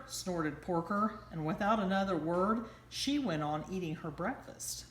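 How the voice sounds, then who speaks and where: A woman teacher reading a bedtime story aloud in a slow, expressive storytelling manner. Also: lowish voice, slight background noise. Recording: roomy echo.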